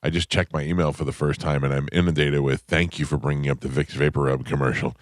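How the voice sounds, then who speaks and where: A male radio host with a very deep, low voice, talking bluntly and grumbling about people who get on his nerves. He sounds close and dry at a studio microphone, in casual morning banter. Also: fairly even intonation, fast, no echo. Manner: blunt, opinionated, grumbles and mocks.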